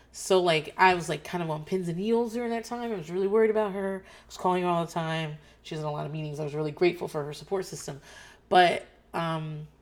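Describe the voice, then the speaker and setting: A middle-aged woman hosting a podcast, chatting casually, rambling off track and swearing freely. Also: on the low side. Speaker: podcast host. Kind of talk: casual chat.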